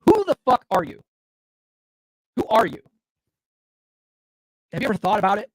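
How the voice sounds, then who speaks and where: A high male voice with a breathy edge and big pitch swings moves at normal speed through a casual solo podcast about dating and self-improvement. Blunt and profane, he keeps saying "right?" to his listeners and directly challenges them with rhetorical questions. The studio sound is clean, with no echo.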